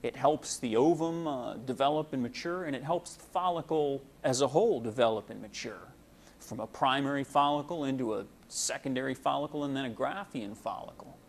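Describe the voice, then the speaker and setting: A man gives a casual, folksy medical lecture full of fillers, explaining things with homely analogies. His mid-range voice runs a little fast, and there's a slight hiss or hum on the recording.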